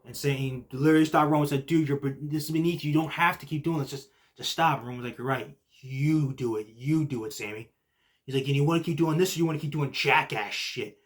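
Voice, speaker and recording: A young man hosting a casual podcast recap, excitable and full of "like" and "literally", swinging from low muttering to shouting. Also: quick pace, hardly any pauses. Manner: heavy use of filler like "like" and "literally". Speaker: podcast host.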